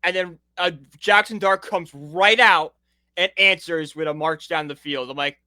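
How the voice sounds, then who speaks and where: A man co-hosting a sports podcast, animated, acting out his own reactions while telling stories. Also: fairly high pitch, measured pace, no room sound. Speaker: podcast co-host. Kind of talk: casual sports chat.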